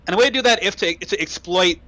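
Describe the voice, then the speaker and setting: A man's voice: high voice, rapid-fire, bright, forceful tone, poor audio. A young man co-hosting a gaming podcast, talking loosely with stumbles and casual swearing. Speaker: podcast co-host. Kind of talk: casual chat.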